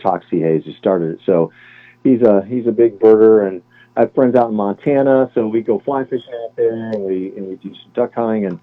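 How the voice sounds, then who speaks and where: A man in his forties from Cleveland, a guest on an interview, talking in a relaxed, chatty way and often correcting himself. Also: on the low side, brisk. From Cleveland, Ohio. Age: 40s. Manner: relaxed, chatty, laughs easily, self-correcting. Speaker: guest, former Navy sniper. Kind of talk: casual interview chat. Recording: tinny phone-line audio.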